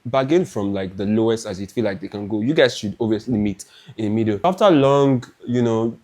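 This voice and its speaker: Animated Nigerian man telling a haul story. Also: lowish voice, a little fast. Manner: animated, dramatic, restarts often. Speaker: fashion vlogger. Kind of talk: chatty try-on haul storytelling.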